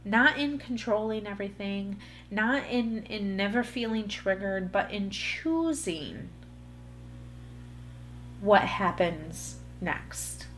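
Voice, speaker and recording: A woman's voice: mid-range voice, lively intonation, slow, fairly bright tone, a little hiss or hum. A woman hosting a solo podcast, talking earnestly in a coaching way straight to her listeners. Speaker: podcast host. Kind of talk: solo motivational podcast talk.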